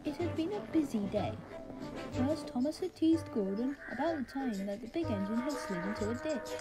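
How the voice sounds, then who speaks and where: A woman's voice: sits high, expressive, normal speed, rough recording. Woman narrating a storybook over music.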